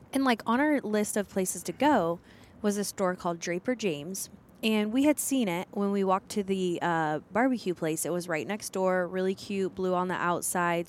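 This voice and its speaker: Chatty young woman, lowish voice. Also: normal speed, slight background noise. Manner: chatty, animated retelling with fillers. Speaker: podcast co-host. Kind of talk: casual storytelling chat.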